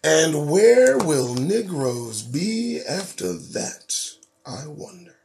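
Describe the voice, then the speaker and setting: A man hosts his own show with a high, animated voice that leaps around in pitch. He talks in a preachy, profane political monologue, swinging from loud emphasis to low, muttered asides. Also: extremely slow, creaky, background noise. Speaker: host.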